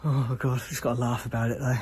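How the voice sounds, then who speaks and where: A man's voice: medium pitch, flat delivery, quick pace, a little mellow, husky. A man exploring an abandoned building alone at night, whispering his fear and swearing often into a handheld camera. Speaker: solo paranormal explorer.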